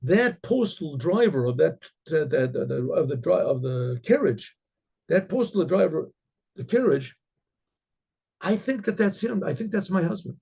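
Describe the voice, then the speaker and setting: A man's voice: a little high, very animated, a little slow, creaky, darkish tone, slightly rough, lo-fi sound, heavily acted. A man voicing an anxious young woman in a retold story. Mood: urgent. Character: anxious young woman seeking her lost husband.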